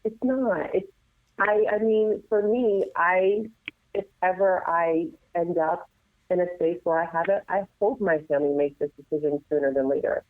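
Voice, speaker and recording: A woman speaking in a fairly low voice comes through a thin, tinny phone line with no room sound at all. She is a nurse giving caregiving advice in an interview, earnest and animated, restarting her sentences as she goes. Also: moderate pace, no room sound. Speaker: nurse and assisted living administrator, guest. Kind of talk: conversational interview.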